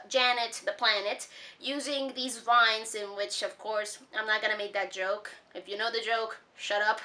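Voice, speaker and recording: A woman's voice: fairly high pitch, sharp tone. A woman recapping a cartoon episode in a casual, rambling vlog, with lots of fillers and laughs. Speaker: cartoon reviewer. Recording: voice a bit distant from mic.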